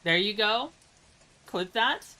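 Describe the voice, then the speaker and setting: A woman's voice: mid-range voice, lively intonation, slow pace, bright, forceful tone, poor audio. A woman with an American accent chatting casually on a live stream, reading chat aloud. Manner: chatty, reads chat aloud, laughs at own jokes; tries mock German accent voices.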